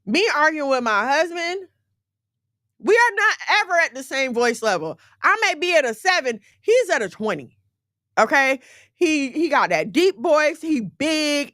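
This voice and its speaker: Woman host, slightly high voice, emphatic and blunt, dry close sound; casual advice chat to viewers. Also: a bit bright, no room sound. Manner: emphatic, repeatedly checking in with listeners. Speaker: livestream host giving relationship advice.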